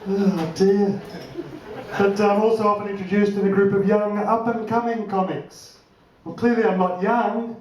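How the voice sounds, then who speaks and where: Older Australian stand-up comic, high voice. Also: male voice, steady tone, darkish tone, far from the mic, slight background noise. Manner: wry, swearing, does quick voices for others. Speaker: stand-up comedian. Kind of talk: stand-up comedy set. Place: comedy club stage. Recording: roomy club sound from afar, audience.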